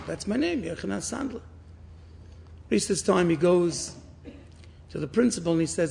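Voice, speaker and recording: A man giving a sermon, a rabbi telling stories with dramatic swings between loud and hushed. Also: sits high, lively intonation, moderate pace, creaky, pauses often, slight background noise. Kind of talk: inspirational sermon with storytelling.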